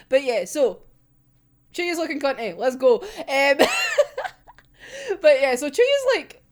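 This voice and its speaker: Talking very slowly in a voice that sits high, a woman gives a casual recap of a manga chapter for her reaction vlog. Her storytelling is animated, full of giggles and free swearing.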